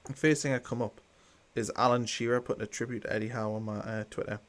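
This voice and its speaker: A man's voice: mid-range voice, steady tone, fast talker, fairly bright tone. A man hosting a live football watchalong, chatting casually and reading out viewer comments with a dry, mildly sarcastic tone. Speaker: watchalong host.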